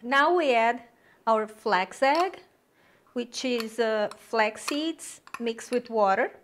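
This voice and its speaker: A woman with a high, light voice hosts a casual cooking demonstration to camera. She is chatty and upbeat and talks the viewer through every step from her home kitchen. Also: slow pace, fairly bright tone. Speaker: cooking channel host.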